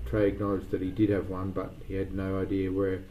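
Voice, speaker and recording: Low, mellow male storyteller. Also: monotone, fairly quick, a little hiss or hum, rough recording. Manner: reads with restarts and small slips. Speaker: narrator. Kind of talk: storybook narration.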